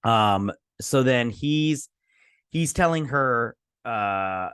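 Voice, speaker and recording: A man's voice: medium pitch, expressive, very slow, fairly bright tone, clean tone, dry recording, studio quality. Rambling man recapping a TV episode. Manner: rambling, many restarts and "he's like" paraphrases; loose and profane. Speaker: host.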